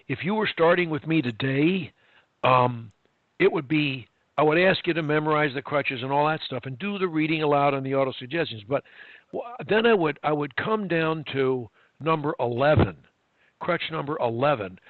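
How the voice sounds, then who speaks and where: A man's voice: on the high side, expressive, normal speed, no room sound. A man coaching a client one-on-one over a video call, emphatic and instructive, repeating his key phrases. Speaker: stuttering coach. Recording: tinny online call, dry.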